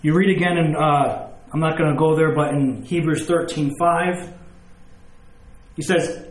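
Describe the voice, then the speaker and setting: Male preacher, slightly high voice, emphatic and repetitive delivery, roomy echo. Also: steady tone, a little slow. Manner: emphatic, repeats key words, stresses points with questions. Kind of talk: sermon. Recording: echoey room.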